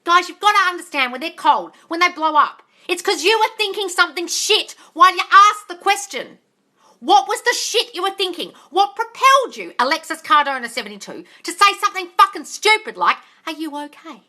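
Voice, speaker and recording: On a live manifesting Q&A, a woman picks through viewer comments and replies with blunt, heavily sworn answers, addressing people as darling. The chat is casual. Her pitch is extremely high, her delivery expressive and brisk, with a pushed, bright quality.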